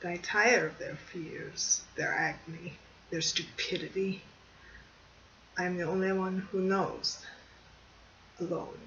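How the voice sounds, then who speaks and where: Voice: mid-range voice, fairly even intonation, takes it slowly, long pauses, sharp tone. A reader doing a grim old tyrant count. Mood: cold. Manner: grim, threatening. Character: menacing old male count, tyrannical father. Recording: dull distant recording, faint hiss.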